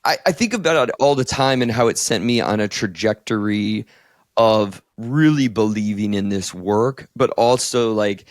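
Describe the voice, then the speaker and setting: Co-hosting a casual podcast, a therapist in his thirties from Northeast Ohio speaks at a moderate pace in a fairly low voice, telling a frank, emotional personal story peppered with "like." The recording is clean studio audio with no room sound.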